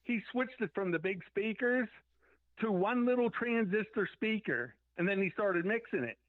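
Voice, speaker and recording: A man's voice: high-pitched, expressive, normal speed, no room sound. A man guest in an interview telling band stories in a rambling way, acting out what people said. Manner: rambling, acts out quotes from memory. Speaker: musician guest. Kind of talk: casual interview storytelling. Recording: tinny phone line.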